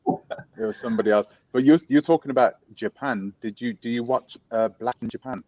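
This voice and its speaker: A man's voice: medium pitch, a little fast, a little mellow, no echo, lo-fi sound. A man interviewing a guest in a casual chat, asking rambling questions and correcting himself as he goes.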